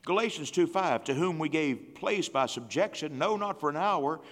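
An older man preaching a sermon in a church, with impassioned delivery and slow, drawn-out emphasis when reading scripture aloud. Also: a little high, animated, a bit bright. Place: church sanctuary. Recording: long church hall reverb.

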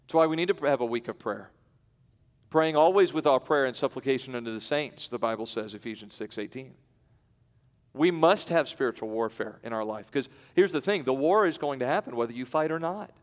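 A male preacher delivering a sermon that drifts between chatty, half-finished asides and sudden high, forceful bursts of emphasis. His voice sits at an ordinary middle pitch. It rings with a long hall reverb. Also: lively intonation, a little fast. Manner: swings from loud emphatic peaks to quiet asides; conversational, with self-interruptions and light laughs. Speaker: pastor.

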